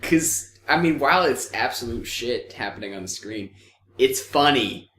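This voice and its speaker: A man's voice: mid-range voice, expressive, normal speed, fairly bright tone, roomy sound. A man co-hosting a podcast, chatting casually about a movie, laughing often and adding dry quips. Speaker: podcast co-host. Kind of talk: casual movie review chat.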